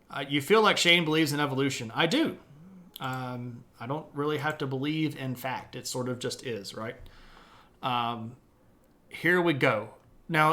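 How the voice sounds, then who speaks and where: Guy doing a live history stream at home, mid pitch, chatty, jokes about himself. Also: fairly bright tone. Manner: casual, chatty, self-deprecating asides.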